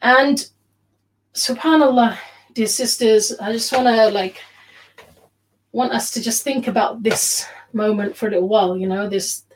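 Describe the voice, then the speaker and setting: A woman teaching an online religious class to other women, earnest and unhurried, with frequent pauses and short Arabic phrases. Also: a little high, a little hiss or hum, poor audio.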